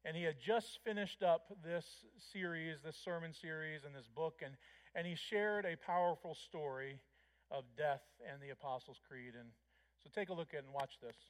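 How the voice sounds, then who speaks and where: Reflective male pastor, slightly high. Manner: measured, reflective, with small hesitations. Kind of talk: sermon.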